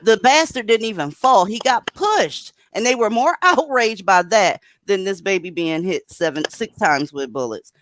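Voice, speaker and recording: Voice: medium pitch, lively intonation, normal speed, hardly any pauses, a bit bright, a little hiss or hum. A livestream host leading a casual call-in chat, blunt and sarcastic, calling panelists in one by one.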